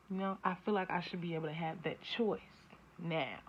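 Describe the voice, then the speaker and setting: A woman with a lowish voice talks straight into the camera through a casual tarot and spiritual reading, blunt and full of profanity. She often builds into heated rants. The audio is dull and lo-fi, with a faint hiss underneath. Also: expressive, fast, hardly any pauses. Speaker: spiritual reader.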